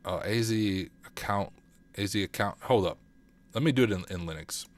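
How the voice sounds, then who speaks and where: Male streamer, lowish voice, mutters and thinks aloud through a live lab, keyboard clatter behind. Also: normal speed. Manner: thinks aloud, self-deprecating, mutters while typing. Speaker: cybersecurity streamer. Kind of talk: casual livestream walkthrough.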